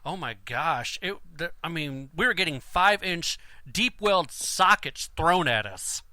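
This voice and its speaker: A man's voice: on the high side, dry recording. A man guest on a podcast, chatting casually and joking. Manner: lively, joking, quick to laugh. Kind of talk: casual chat.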